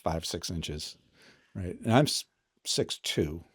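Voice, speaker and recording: A middle-aged man with a low voice talks through his stories as a podcast guest. He is loose and easygoing, laughing as he goes and often restarting a sentence before he lands it. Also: slow pace, husky. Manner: relaxed, chuckling, trailing restarts. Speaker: podcast guest, finance executive. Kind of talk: casual storytelling chat.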